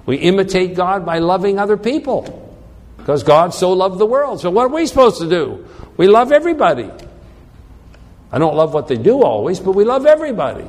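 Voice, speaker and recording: A man preaching a sermon, emphatic and slowing down to read scripture aloud. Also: high voice, very animated, in a large hall. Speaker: pastor.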